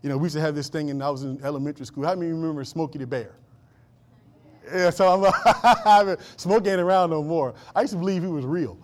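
A middle-aged pastor preaching a sermon in a folksy way, with laughing asides and questions to the congregation. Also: male voice, fairly high pitch, quick pace.

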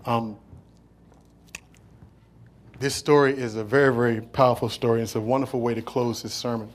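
A man's voice: mid-range voice, steady tone, moderate pace. A man preaching a sermon, retelling a story with passion and acting out the characters' words. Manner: impassioned, acts out the characters' words.

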